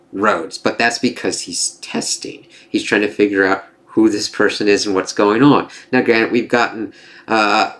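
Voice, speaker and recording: A man's voice: lowish voice, a bit bright. A man casually reviewing a TV episode, rambling and swearing, with lots of fillers and acted-out quotes.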